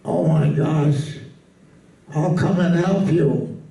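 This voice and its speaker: A man's voice: on the high side, slow pace, vocal fry, mellow, far from the mic. A man voicing a confused, forgetful elderly woman in a joke, eager to help, in an echoey room away from the mic.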